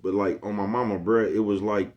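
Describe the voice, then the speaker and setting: A man's voice: on the low side, steady tone, brisk, a little mellow, muffled recording. Forties man rambling streetwise pep talk. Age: 40s. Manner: rambling, repeats catchphrases, streetwise slang. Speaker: YouTube host. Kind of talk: casual motivational monologue.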